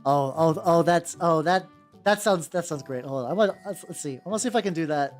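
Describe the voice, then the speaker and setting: A woman's voice: low voice, fast. A woman streaming as she paints miniatures, chatting casually, stammering, repeating herself and swearing freely. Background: faint background music.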